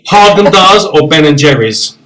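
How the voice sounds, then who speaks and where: A man hosting a show, bantering in a playful, quick way. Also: a little high, animated, sharp tone, rough recording. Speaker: host. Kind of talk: casual chat.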